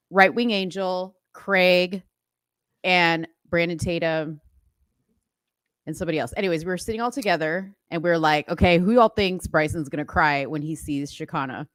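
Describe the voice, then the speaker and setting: Low-voiced woman gushing away on a podcast, lots of "like", dead dry mic. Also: fairly bright tone, no echo. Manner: chatty, gushing storyteller with lots of "like". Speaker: podcast co-host. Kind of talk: casual chat.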